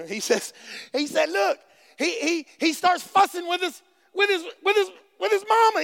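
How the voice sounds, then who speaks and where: High, bright-voiced preaching pastor. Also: male voice, expressive, a little slow, creaky, pauses often. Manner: calls out to the congregation, repeats phrases for emphasis. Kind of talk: energetic sermon preaching.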